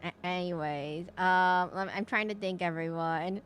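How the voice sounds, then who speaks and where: A woman's voice: lowish voice, steady tone, unhurried, fairly bright tone. A woman game streamer giving live gameplay commentary, chatty, laughing and easily distracted.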